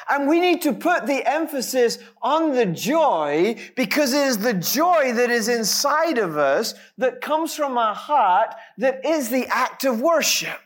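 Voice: sits high, big pitch swings, measured pace, few pauses. A pastor preaching a sermon, speaking emphatically with light, self-deprecating humor.

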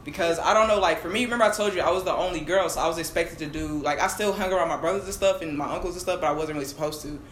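A young adult podcast co-host telling a personal story in fast, candid, slang-filled casual chat. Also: mid-range voice, fairly bright tone. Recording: echoey room, mic at a distance, faint hiss.

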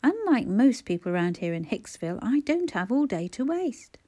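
A woman's voice: a little high, sing-song, moderate pace, dark tone. A woman voicing an impatient, pompous businessman who snaps and raises his voice irritably. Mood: demanding.

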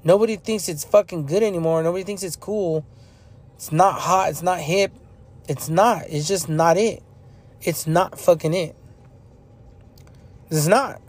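A man's voice: high-pitched, measured pace, long pauses. A young man hosting a podcast, talking in a blunt, profane, repetitive ranting manner about music. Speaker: podcast host. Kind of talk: casual opinion monologue.

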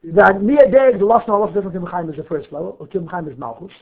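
A man's voice: high-pitched, expressive, fast talker. A man teaching a Torah class, reading Hebrew text and explaining it line by line with questions and answers. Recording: phone-like narrow audio.

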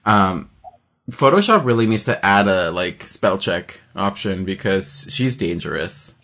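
A man co-hosting a podcast in casual chat, cracking dry, deadpan jokes. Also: low-pitched, a little slow. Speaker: podcast co-host.

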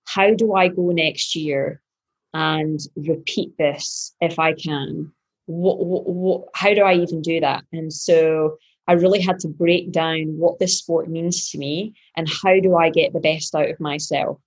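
A woman's voice: sits low, steady tone, measured pace, slightly rough. A woman triathlete guest telling a story in an interview, acting out her own past thoughts with animation.

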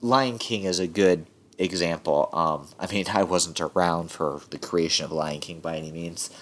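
A man speaking as a guest in a casual chat, explaining things at a relaxed pace. He has a fairly low voice. He fills his pauses with "um" and "like.". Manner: relaxed, many fillers.

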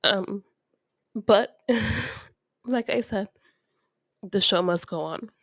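A woman's voice: medium pitch, slow, no room sound. Tearful woman podcaster, close and dry. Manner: soft, earnest, emotional, with small nervous laughs. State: tearful, sniffling. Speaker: podcast host. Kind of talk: heartfelt podcast monologue with spoken prayer.

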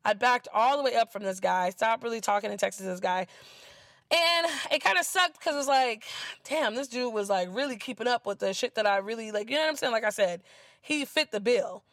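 A woman's voice: fairly high pitch, a little fast, dry recording, studio quality. A woman with an African American English accent telling a casual story, blunt and profane, mocking the people she quotes. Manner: blunt, profane, animated, mimics others mockingly.

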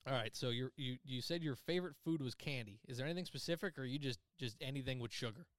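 A man's voice: mid-range voice, fast, dry recording. A man hosting a podcast, chatting casually and laughing easily. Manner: relaxed, chatty, frequent restarts and laughs. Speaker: podcast host. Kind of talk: casual chat.

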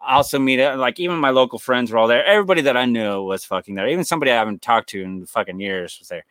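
Rapid-fire and fairly bright, this medium-pitched young man co-hosts a horror podcast on a dry recording. He spins rambling stories in casual conversation, curses a lot, and performs the voices of his stories' characters.

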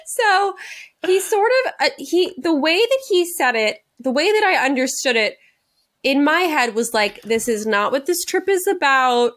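A woman's voice: high voice, lively intonation, a little slow, a bit bright. A young woman co-hosting a podcast, telling a story in a casual chat and laughing often. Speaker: podcast co-host. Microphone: video call.

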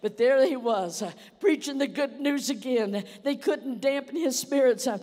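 A woman guest speaker delivers a sermon and paints each scene vividly, often pausing on "uh." Her voice sits a little high. It carries long reverb from a church hall. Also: mellow. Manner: vivid storytelling, frequent "uh" fillers.

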